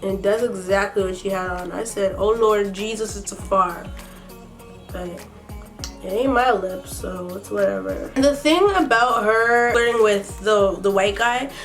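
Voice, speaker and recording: A woman's voice: mid-range voice, a little slow, faint music behind. A slightly sick woman doing a makeup tutorial while recapping a reality show in blunt, profane, sassy commentary. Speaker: beauty vlogger.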